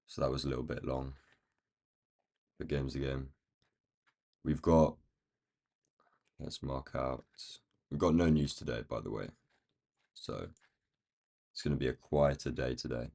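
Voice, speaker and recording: Deep, croaky man streaming trades. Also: a little slow, pauses often, mellow. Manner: thinking aloud while marking up charts. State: croaky, feeling rough. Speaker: day trading livestream host. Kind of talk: casual live chart commentary.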